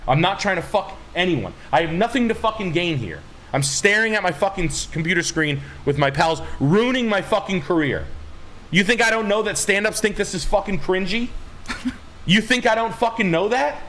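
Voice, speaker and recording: Male streamer host, young adult; emphatic, profane rant delivery, highly animated pitch. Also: moderate pace, a little hiss or hum. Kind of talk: rambling casual stream talk.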